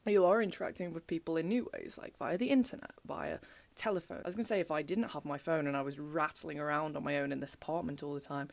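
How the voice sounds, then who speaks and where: A young woman talks to camera in a casual vlog, rambling through stories with plenty of "like" fillers. Her voice sits fairly low, and the sound is dry and close with almost no room echo. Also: steady tone, quick pace, creaky, darkish tone. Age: young adult. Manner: chatty storytelling, frequent "like" fillers. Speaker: student vlogger. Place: apartment living room.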